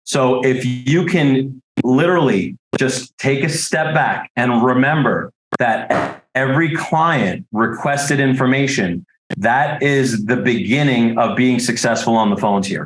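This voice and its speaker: Man, sales trainer, direct coaching talk, frequent check-ins, middle pitch, echoey room. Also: a little slow. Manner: direct and coaching, repeats "okay?" and "right?". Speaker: life insurance sales trainer. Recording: roomy echo.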